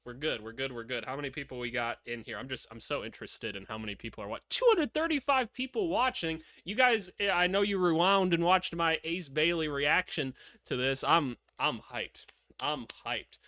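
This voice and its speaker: Young guy streaming a live reaction, bright punchy voice, dry close mic, gets hyped fast. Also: on the high side, no room sound. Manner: excitable, hypes up, swears and laughs. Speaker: livestream host. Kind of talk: casual live draft reaction.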